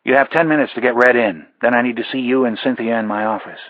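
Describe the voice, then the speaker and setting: A man voicing an irritable, sarcastic male boss who gives brisk orders. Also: mid-range voice, steady tone, no echo, highs cut off, natural voice.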